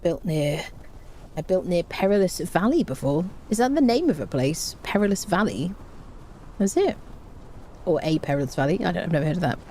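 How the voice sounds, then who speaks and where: A woman's voice: fairly low pitch, animated, normal speed, dark tone, slight background noise. Chatty woman streamer humming along. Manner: chatty, hums little tunes to herself. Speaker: game streamer. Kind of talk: casual live-stream gameplay chat.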